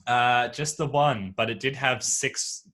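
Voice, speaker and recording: A man hosting a podcast, telling an anecdote with animated storytelling and acting out the voices of the people in it, talking from home on a video call. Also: medium pitch, a little slow. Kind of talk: casual chat. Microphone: video call microphone.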